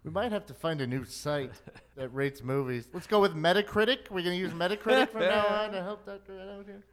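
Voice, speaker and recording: A man with a slightly high voice runs a movie-rating quiz on a casual podcast. He announces the scores and adds wry asides. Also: brisk, a bit bright. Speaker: game host. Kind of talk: casual chat.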